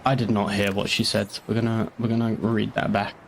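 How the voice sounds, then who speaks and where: A man's voice: lowish voice, level tone, a little fast, creaky, a little hiss or hum. Rambling sweary man from northeast England. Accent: northeast English. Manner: rambling, sweary, answering chat. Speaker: game streamer. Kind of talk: casual live stream chat.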